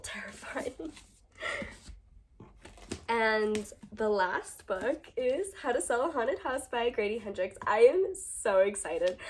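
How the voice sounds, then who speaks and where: A woman's voice: medium pitch, slightly rough. A young woman, a teacher, chatting casually about her book haul in a gushing, chatty way with lots of ums and likes, at home under a ring light.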